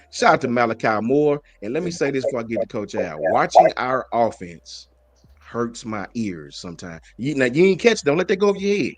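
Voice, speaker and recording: A man hosts a casual sports talk show, calling out viewers and ranting in animated bursts. His voice sits in a middle pitch and comes through dry and close to the mic. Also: no echo. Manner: animated, greets chat viewers, slangy.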